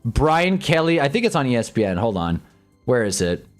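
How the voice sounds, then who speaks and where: Animated young man ranting about football. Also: normal speed, faint music behind. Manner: swings from loud ranting to low mumbling, swears often. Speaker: sports streamer. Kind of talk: casual livestream chat reading fan comments.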